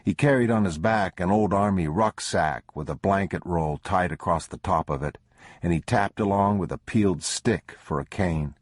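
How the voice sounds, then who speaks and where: Male audiobook narrator, very low voice, husky, unhurried, dry close sound. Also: no room sound. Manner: low measured grim delivery. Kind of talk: scripted narration.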